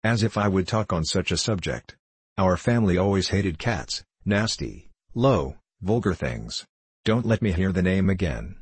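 A man's voice: deep voice, lively intonation, a little slow, husky, dry recording, full character voice. A man voicing a touchy, easily offended male mouse who hates cats, with indignant, trembling outbursts. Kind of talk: audiobook character reading.

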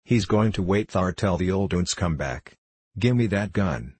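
A man voicing a frail, excitable teenage mountain boy with an Appalachian accent and a drawling dialect. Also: low-pitched, breathy edge, no echo, heavily acted. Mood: excited. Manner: drawling dialect, quick to anger.

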